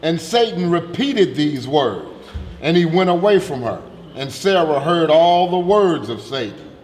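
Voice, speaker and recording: A man reading scripture aloud to a study group in a slow, measured way. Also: fairly high pitch, very animated, darkish tone. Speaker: scripture reader. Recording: roomy hall echo, faint background noise.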